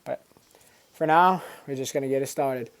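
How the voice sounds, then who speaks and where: A man's voice: medium pitch, moderate pace, clean tone. A man talking casually to camera in a vlog, rambling with lots of fillers and slang. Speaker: vlogger.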